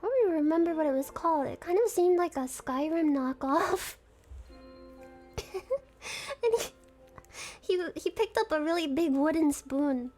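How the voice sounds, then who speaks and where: Young woman streamer, very high, giggly, rambling casual chat. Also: measured pace, long pauses, a little mellow, faint music behind. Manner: giggly, rambling, self-conscious fangirling.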